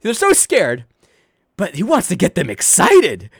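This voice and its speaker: A man's voice: sits high, a little slow, vocal fry, breathy edge, no room sound, clean studio sound. A middle-aged man hosting a Christian commentary channel, talking with passion and sarcasm, often restarting his words. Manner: animated, restless, repeats and restarts words, sarcastic. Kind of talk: impassioned religious commentary.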